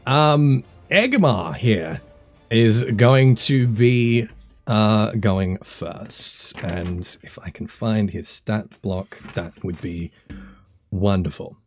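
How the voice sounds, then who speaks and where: A man running a tabletop game as dungeon master, talking in a relaxed, hesitant way with many fillers. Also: lowish voice.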